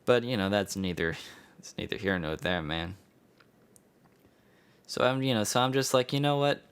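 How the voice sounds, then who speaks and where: Dude podcasting, kinda low voice, wanders off track, swears a lot, laughs at himself. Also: male voice, lively intonation, normal speed, fairly bright tone, smooth. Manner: meandering, loose, profane, chuckling. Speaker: podcast host. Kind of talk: rambling casual storytelling.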